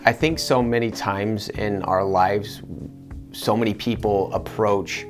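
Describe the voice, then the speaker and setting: A man, a voice actor, answering interview questions in an earnest, animated way. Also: fairly low pitch, takes it slowly, over music.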